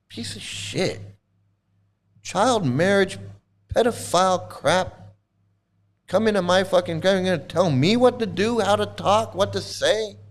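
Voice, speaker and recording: Furious high-voiced man ranting. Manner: abrasive, swearing constantly, mocking. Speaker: commentator reacting to videos. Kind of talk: angry profane rant.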